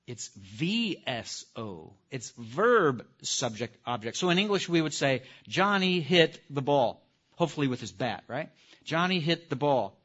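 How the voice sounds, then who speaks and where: A man's voice: medium pitch, very animated, measured pace, a bit bright. A man lectures to a live class, stressing key words and tossing questions at his listeners. His voice sits in a middling register. The recording is muffled and lo-fi. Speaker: teacher. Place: room with a live audience. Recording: dull lo-fi recording.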